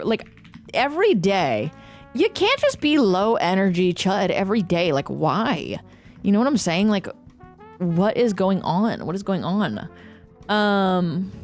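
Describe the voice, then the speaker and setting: A young American woman streaming from home into a desk microphone, chatting casually with viewers, joking, teasing and swearing freely. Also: on the low side.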